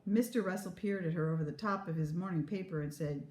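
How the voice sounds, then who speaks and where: A woman teacher reading a children's storybook aloud with a lively, expressive delivery. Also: lowish voice, fast talker, few pauses. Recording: echoey room.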